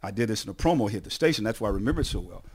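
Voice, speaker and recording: A man's voice: on the low side, very fast, husky. Chatty man telling stories with lots of repeats. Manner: animated storyteller, repeats words and restarts. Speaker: TV on-air personality, podcast guest. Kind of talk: casual storytelling chat.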